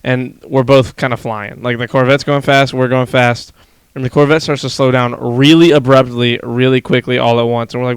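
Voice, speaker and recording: A man's voice: mid-range voice, moderate pace, no room sound. A young man co-hosting a casual livestream podcast, telling stories with lots of energy and swearing freely. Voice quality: smooth, clear voice. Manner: animated storyteller, swears freely. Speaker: podcast co-host. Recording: dry close mic.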